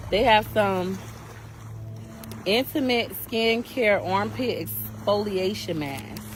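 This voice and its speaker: A woman's voice: mid-range voice, background noise. Blunt, brash woman reviewing products.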